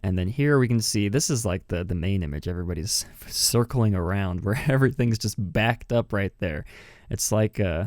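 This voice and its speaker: A man's voice: fairly low pitch, expressive, normal speed, darkish tone, no echo. Man, podcast host, chatty, laughs a lot, restarts sentences, dry close mic. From New Mexico, US. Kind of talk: casual podcast chat.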